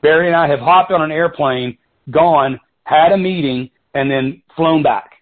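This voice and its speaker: A man's voice: on the high side, moderate pace. A man leading a coaching talk for his sales team on a conference call, casual and conversational, often calling them "guys" and wandering into side stories. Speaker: sales team leader and mentor. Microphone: telephone. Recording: tinny phone-line conference call.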